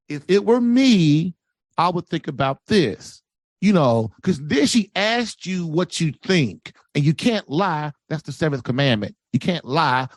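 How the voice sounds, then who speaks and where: Preachy male advice-giver, lively delivery, raised pitch, dry recording. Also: no echo. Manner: preachy, acts out quoted voices. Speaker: podcast guest, relationship coach. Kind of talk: animated advice talk.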